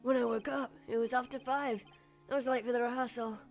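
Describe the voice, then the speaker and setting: A woman putting on a soft-spoken, meek action-hero actor, somewhat high, game music faintly behind. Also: steady tone, fairly quick, natural voice. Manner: meek, apologetic. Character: big timid male action-show actor.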